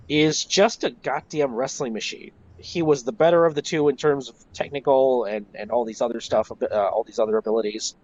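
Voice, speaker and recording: A man, a wrestling historian, telling stories in a casual interview, animated and swearing freely. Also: medium pitch. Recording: lo-fi voice chat.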